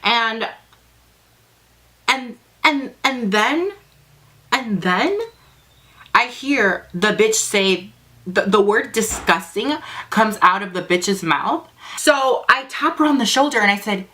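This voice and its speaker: Bright-voiced sassy young woman vlogger. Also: on the high side, lively intonation, slow pace, pauses often. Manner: sassy, profane, dramatic storytelling. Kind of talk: casual storytime vlog.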